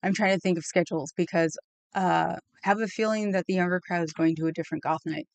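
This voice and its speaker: A woman's voice: lowish voice, steady tone, quick pace, vocal fry, dry recording. A woman live streamer chatting casually with her viewers in a rambling way, laughing often and reacting to the chat.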